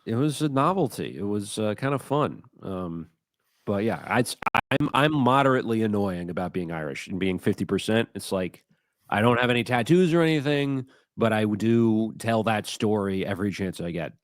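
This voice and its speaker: In a lowish voice at a normal speed, this podcast co-host chats casually and animatedly, telling rambling stories at his own expense. The audio is clean studio sound without any room sound.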